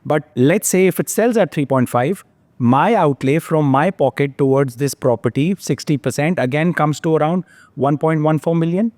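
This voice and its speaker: A man's voice: fairly high pitch, normal speed, a little mellow, no echo. A man hosting a podcast, talking through property figures in an analytical way and checking in with "yeah?". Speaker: podcast host, real estate analyst. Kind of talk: podcast discussion.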